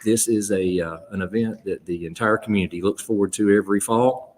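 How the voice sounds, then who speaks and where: Folksy Southern auctioneer man, lowish voice. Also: fairly even intonation, brisk, a little mellow. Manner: folksy, filler-heavy, breaks into auctioneer patter. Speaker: auctioneer and radio auction host. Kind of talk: live radio broadcast chat.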